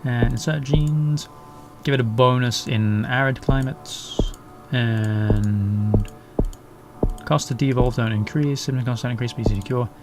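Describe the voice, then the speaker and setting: A young English gaming YouTuber records casual let's play commentary at home in the English countryside. His mid-range voice moves at a measured pace as he rambles, swears, and makes fun of himself, with music in the background.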